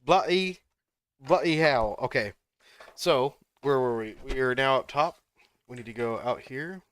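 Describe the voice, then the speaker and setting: A man hosting a game stream, chatty and quick to laugh, giving a tour of his build. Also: medium pitch, fairly bright tone, a little hiss or hum. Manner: chatty, laughs often, gives tours. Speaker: streamer host. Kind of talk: casual gaming chat.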